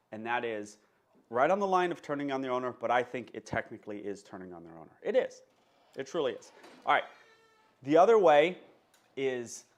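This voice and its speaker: Man, dog trainer, casual teaching talk, emphatic, checks in with listeners, mid-range pitch. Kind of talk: casual instructional monologue.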